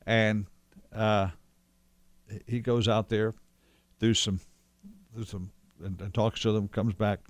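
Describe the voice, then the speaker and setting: A man with a fairly low, level voice speaks slowly, leaving long pauses, in a recording with no room sound. As a guest storyteller, he casually rambles through memories of an old friend, restarting often and quoting bits of dialogue.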